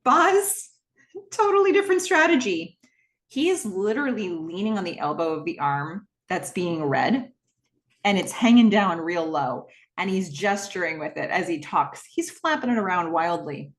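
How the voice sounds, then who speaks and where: A woman hosting a podcast, retelling a TV episode scene by scene in a lively, laughing way. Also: on the low side, moderate pace. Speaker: podcast host. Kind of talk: casual episode recap. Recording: roomy echo.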